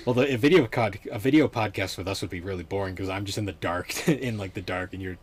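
Low-voiced laid-back young man. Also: quick pace, husky. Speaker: podcast host. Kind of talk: casual chat.

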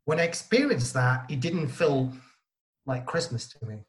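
A man's voice: mid-range voice, big pitch swings, a little slow. A man from Italy, a guest in a casual podcast chat, speaking in short phrases with many "you know" fillers. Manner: talks in short restarting bursts with many fillers.

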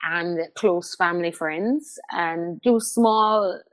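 A middle-aged woman, a guest telling personal stories in an interview, animated and repeating words as she restarts sentences. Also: fairly low pitch, slow. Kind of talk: candid conversational interview.

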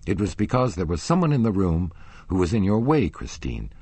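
A jealous young nobleman fires rough, accusing questions, voiced by a man. The voice is deep and husky and swings widely in pitch. It is read close and dry, audiobook style. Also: sing-song, fairly quick, a little mellow, no room sound, full character voice.

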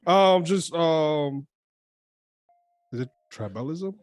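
A man in a casual group chat, relaxed and rambling, full of fillers. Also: on the high side, takes it slowly, no echo.

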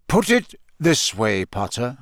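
Guy doing a gruff muttering old wizard, slow and grim, warm-ish low voice, storybook reading. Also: sing-song, no echo, clean studio sound, full character voice. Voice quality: gruff, growling. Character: gruff older male wizard, grim and watchful.

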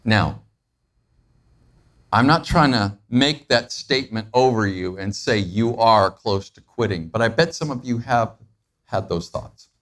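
A man preaching a sermon in a conversational way, asking his listeners questions and acting out everyday moments. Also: unhurried. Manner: acts out everyday moments with animated pitch jumps. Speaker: pastor.

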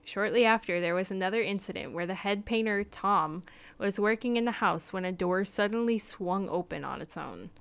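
A woman hosting a podcast, telling a spooky story in a casual, chatty way that sometimes drops to a hushed tone. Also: medium pitch, normal speed, gravelly, clean tone. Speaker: podcast host.

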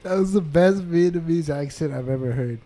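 A young man in casual chat as a podcast co-host, relaxed and slangy. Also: fairly high pitch, a little fast. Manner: relaxed, slangy, says dude a lot.

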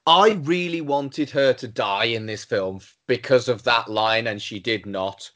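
A man's voice: medium pitch, measured pace, fairly bright tone. A British man co-hosting a podcast, chatting casually with sweary, sardonic remarks. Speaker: podcast co-host. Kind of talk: casual film chat.

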